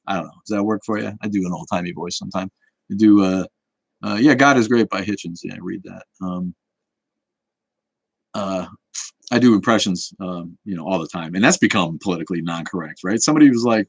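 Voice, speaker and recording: A man's voice: deep voice, fairly quick, creaky, husky, no room sound. A man hosting a casual livestream chat, answering comments in a rambling, blunt and profane way. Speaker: show host.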